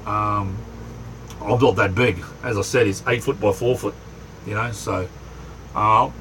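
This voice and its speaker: A man's voice: fairly low pitch, steady tone, a little slow, a bit bright, rough recording. A middle-aged man with an Australian accent talks casually on a livestream, rambling and friendly with his viewers. He is in a small camper, and a faint hum sits behind his voice. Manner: easygoing, rambling, greets chatters by name. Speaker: livestream host. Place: inside a small truck camper.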